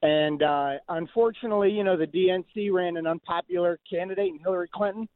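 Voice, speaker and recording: A man's voice: high voice, fast talker, dry recording. Male caller on a tinny phone line. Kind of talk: call-in radio talk.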